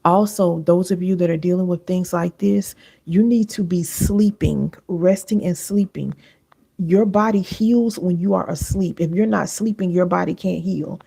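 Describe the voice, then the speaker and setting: A woman's voice: lowish voice, unhurried, vocal fry, dark tone, husky. A woman hosting a live stream, talking earnestly and chattily to her viewers and calling them y'all, on a sensitive close mic. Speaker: wellness coach hosting a livestream.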